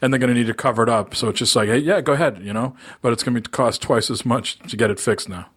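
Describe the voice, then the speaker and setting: A man's voice: medium pitch, steady tone, quick pace, a bit bright, slightly rough. Chatty man hosting a gaming podcast. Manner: curious, chatty, asks questions. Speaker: podcast host. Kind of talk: casual podcast chat.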